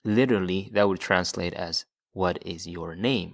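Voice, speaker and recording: A man's voice: sits low, a little slow. A man teaching a language lesson, patiently explaining and repeating words for learners. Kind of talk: slow explanatory video lesson.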